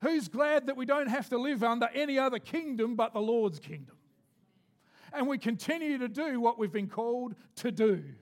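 A man preaching a sermon as pastor, leading the congregation in responses and reading scripture slowly. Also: extremely high pitch, lively intonation.

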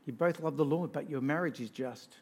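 A man delivering a sermon in a fairly high voice. He swings between hushed, intimate storytelling and loud, rousing calls to the congregation, with emphatic, repeated phrases. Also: brisk, a little hiss or hum. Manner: emphatic, repetitive lists. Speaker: pastor.

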